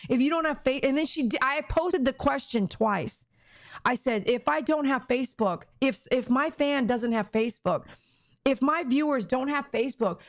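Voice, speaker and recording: A woman on a livestream, reading viewer comments aloud and talking straight to her fans in an animated, emotional way. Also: on the high side, no echo. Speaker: dog groomer and YouTuber.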